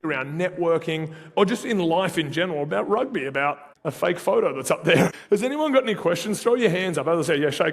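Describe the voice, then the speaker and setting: A man with an Australian accent, giving an energetic, conversational motivational talk to a live audience and telling stories with asides to the crowd. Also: fairly high pitch. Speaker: speaker at a live career event. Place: event venue, live audience. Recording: reverberant event hall.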